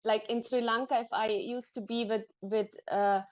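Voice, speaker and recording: A woman's voice: fairly high pitch, steady tone, moderate pace. A woman guest on a podcast, chatting casually and telling stories with emotion and enthusiasm. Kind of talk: casual interview chat.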